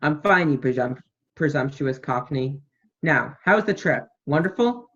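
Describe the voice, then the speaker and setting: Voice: medium pitch, expressive, measured pace, a bit bright. A student actor playing an irritable, bossy invalid host in a school play over a video call, imperious and snappish. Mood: gossipy. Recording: dull lo-fi video call audio.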